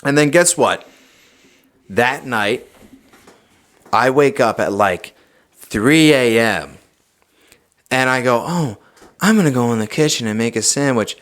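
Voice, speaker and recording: A young adult man, a podcast guest, telling a personal story in a casual, animated way, swearing often and saying "dude" a lot. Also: medium pitch, takes it slowly, pauses often.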